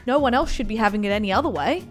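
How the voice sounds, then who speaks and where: A woman's voice: medium pitch, expressive, very fast, music in the background. An Australian woman giving a chatty, rambling reaction commentary as a vlogger, exaggerating freely.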